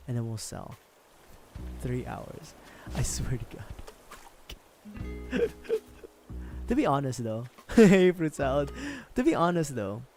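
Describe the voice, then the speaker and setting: Man, streamer, casual chat, rambling, self-mocking, swears, animated pitch, faint music behind. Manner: rambling, joking, swears freely, laughs at himself. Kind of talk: casual gaming livestream chat.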